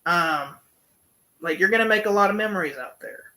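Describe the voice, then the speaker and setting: A man's voice: high-pitched, moderate pace, sharp tone. A young man giving a casual, enthusiastic album review, full of fillers and humming along to the songs. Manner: enthusiastic, many fillers, hums and sings along. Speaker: music reviewer.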